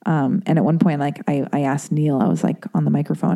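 A woman's voice: low voice, steady tone, quick pace, gravelly, warm tone, muffled recording. A woman telling a candid personal story in a rambling, confessional way, full of "like" and "you know". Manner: rambling, confessional, heavy use of "like".

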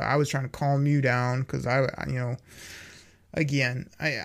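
Worked-up man with a fairly high voice, stammering. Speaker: podcast co-host. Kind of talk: casual fan podcast chat.

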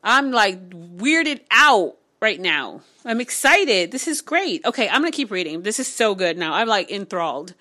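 A woman reading a novel aloud on camera, breaking off into excitable, swearing reactions. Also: mid-range voice, moderate pace, few pauses. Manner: animated, swearing, excitable asides. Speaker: book reader vlogger. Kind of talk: casual read-aloud with reactions.

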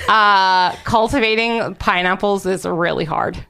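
A young woman casually telling a story on a podcast, animated, swearing and laughing often. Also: mid-range voice, measured pace, creaky, clear, resonant tone. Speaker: podcast host presenting research. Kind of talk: casual chat.

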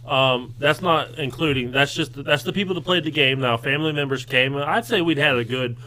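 Young man, podcast co-host, bright forceful voice, agreeable, rambling anecdotes, crude chat. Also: a little high, a little fast, low-quality recording. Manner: agreeable, backs the other up with repeated yeahs, rambling anecdotes.

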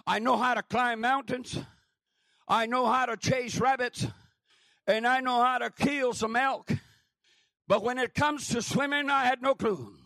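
Gravelly high-voiced older preacher. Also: male voice, fairly even intonation, a little slow, dry recording, clean studio sound. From New Mexico. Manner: shouted emphasis, frequent amens. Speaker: pastor. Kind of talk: sermon.

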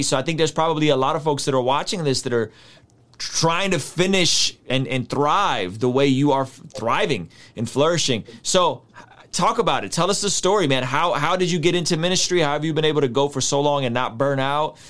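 A man hosting a podcast interview who introduces his guest with energetic, hyped delivery. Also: a little high. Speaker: podcast host.

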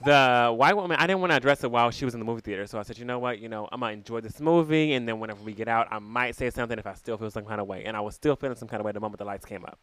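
A man's voice: very fast, hardly any pauses, clear, resonant tone, dry recording. A man co-hosting a podcast, telling a story in casual chat and acting out the people in it. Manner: animated storyteller, acts out quotes in a high voice. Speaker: podcast co-host.

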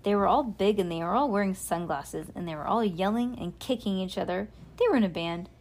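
A woman's voice: medium pitch, brisk. Woman reading a bedtime story aloud. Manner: soft, relaxed reading, chatting gently with a child. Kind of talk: reading a children's book aloud.

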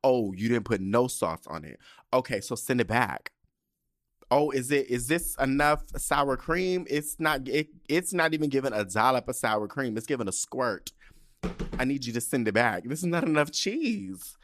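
A man hosting a solo podcast, telling a heated, profane story about fast food with exasperated asides. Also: medium pitch, animated, a bit bright. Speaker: podcast host. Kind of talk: casual solo podcast rant.

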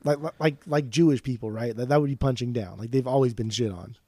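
A man's voice: mid-range voice, fast talker, warm tone, no echo. A man co-hosting a casual music podcast, blunt, profane and jokey. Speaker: podcast co-host.

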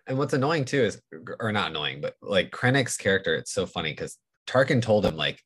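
A man co-hosting a podcast who chats about a movie in a relaxed, agreeable way. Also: sits low, fairly quick, hardly any pauses, slightly rough. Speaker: podcast co-host. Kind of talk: casual movie chat.

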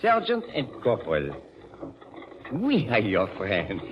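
An actor playing a jovial, commanding French circus ringmaster with a French accent, in a 1940s radio drama. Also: male voice, on the low side, wildly swooping pitch, lo-fi sound, full character voice. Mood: genial. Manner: theatrical, switches between brisk orders and hearty laughter. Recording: old radio recording with faint hiss.

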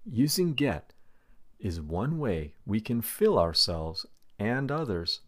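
A man hosting a scripted language lesson podcast, speaking in a calm, deliberate and clearly enunciated way. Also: lowish voice, noisy background.

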